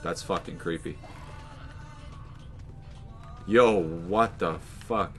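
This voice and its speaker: A man hosting a gaming channel, giving let's play commentary with excitable, swearing outbursts. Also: deep voice, unhurried, faint music behind.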